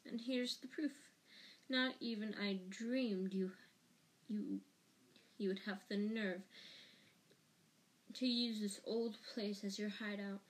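A woman's voice: a little high, lightly acted, rough recording. A woman voicing a cold, spiteful male schoolteacher in an audiobook reading, with a sneering, clipped delivery. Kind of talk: audiobook character voice.

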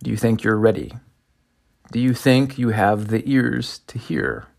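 A man's voice: fairly low pitch, animated, unhurried, vocal fry. A man preaching a reflective sermon, reading scripture and a parable and asking listeners questions. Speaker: pastor.

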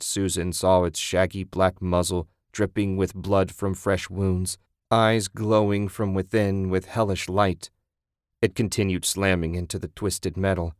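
A man narrating a horror story in a steady, measured reading. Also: sits low, dry recording, studio quality.

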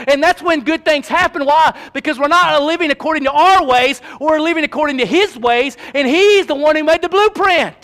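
Male pastor, very high voice, sermon that swings from shouting to hushed, folksy humor. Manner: swings between shouting and hushed near-whispers; folksy Southern phrasing, humorous asides.

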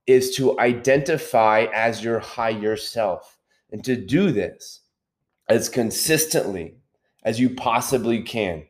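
A man with a mid-range, slightly mellow voice hosts a motivational self-help podcast. He speaks earnestly, repeating key points and checking in with the listener.

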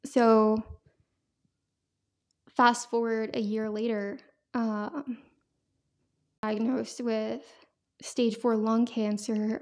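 A young woman hosting a podcast, sharing an emotional personal testimony in a halting way, full of fillers. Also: fairly high pitch, darkish tone. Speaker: podcast host.

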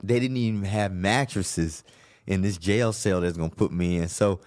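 A man from Virginia telling a long story as a podcast guest, with animated asides and jokes. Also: sits low, normal speed. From Virginia, USA. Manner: animated, joking, lots of asides. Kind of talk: casual storytelling.

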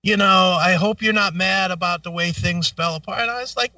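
A middle-aged man co-hosting a radio talk show, telling a profane story in a casual, animated way and acting out the quotes. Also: high voice, a little fast, few pauses, no echo, distant mic.

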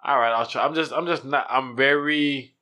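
A male podcast host in loose, casual banter. His voice is bright and forceful, and he ribs his co-host with bossy, jokey jabs while keeping the talk rolling. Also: mid-range voice, normal speed.

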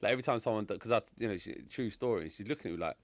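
A man's voice: fairly low pitch, racing, dry recording. A man co-hosting a casual film review chat, emphatic and repeating phrases for stress. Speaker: podcast co-host.

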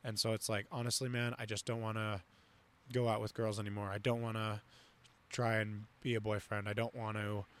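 A man's voice: fairly low pitch, flat delivery, fairly quick. A young man hosting a podcast, talking casually and rambling with lots of fillers and restarts. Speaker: podcast host. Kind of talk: casual conversation.

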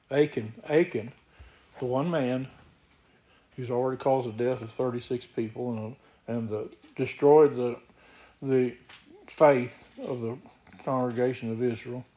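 A man delivers a sermon in a mellow, warm voice of middling pitch. He reads scripture aloud and then explains it in plain, earnest words to his congregation. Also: rough recording. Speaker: preacher.

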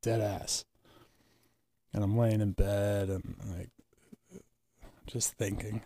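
A man's voice: on the low side, level tone, takes it slowly, mellow, no room sound. A man co-hosting a podcast, telling a story casually and bluntly, with heavy swearing. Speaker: podcast co-host. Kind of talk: casual candid chat.

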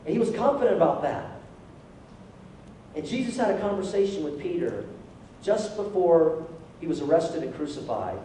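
Animated male pastor in an echoey church. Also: on the high side, normal speed, long pauses, slight background noise. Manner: animated, call-and-response with the congregation. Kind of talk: sermon. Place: church sanctuary. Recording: echoey hall from far off.

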